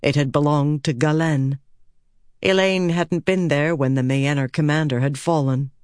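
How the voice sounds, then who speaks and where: A woman narrating a fantasy novel in an even, measured audiobook reading. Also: low-pitched, no echo, clean studio sound.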